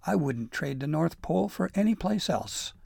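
A man's voice: a little high, animated, normal speed, vocal fry, warm tone, slightly rough, no echo, clean studio sound, voice pushed up, heavily acted. A man doing a hearty old elf inventor. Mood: proud. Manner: hearty, exclaiming. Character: jolly old male elf inventor, fussy and proud.

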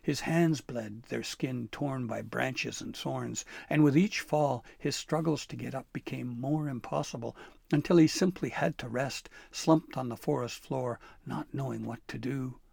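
A man narrating a storybook with an expressive, dramatic read-aloud manner. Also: medium pitch, unhurried, creaky, breathy edge, dry recording, clean studio sound.

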